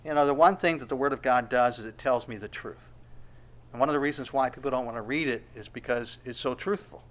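A man's voice: medium pitch, fast talker, fairly bright tone. A male pastor preaching a sermon, emphatic and repetitive, often stumbling over restarts.

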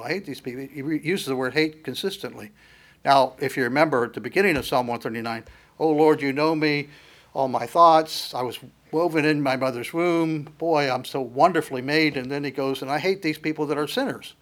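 Earnest preaching man, slightly high voice. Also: a bit bright. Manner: earnest, emphatic teaching with frequent fillers and restarts. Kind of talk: sermon.

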